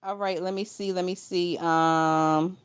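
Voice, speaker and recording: A woman's voice: fairly low pitch, steady tone, unhurried, clear, resonant tone. A young woman giving casual gossip commentary to her viewers, blunt and profane, often laughing. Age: young adult.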